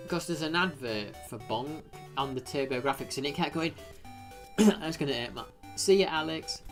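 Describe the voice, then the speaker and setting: A man's voice: medium pitch, measured pace, soft background music. Rambling British man streaming live. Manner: rambling, thanks chat members, sudden excited exclamations. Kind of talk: casual live-stream chat.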